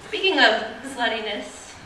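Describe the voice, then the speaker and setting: A woman's voice: a little high, lively intonation, unhurried, very noisy. A young woman doing a stand-up comedy set, chatty and self-mocking, laughing at her own jokes. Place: small live venue with audience. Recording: roomy, distant mic with faint ambience.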